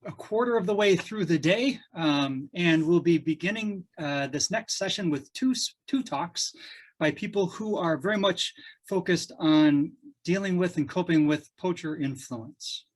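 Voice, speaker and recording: A man's voice: high voice, measured pace. A man hosting a conference session, introducing the next speaker with many fillers and restarts. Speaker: session host. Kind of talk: event introduction.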